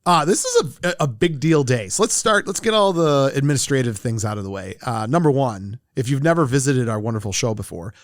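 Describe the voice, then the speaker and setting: A man hosting a podcast, joking and excitable, reading ad spots quickly in a casual chat. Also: medium pitch. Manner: excitable, joking, reads ads fast. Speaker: podcast host.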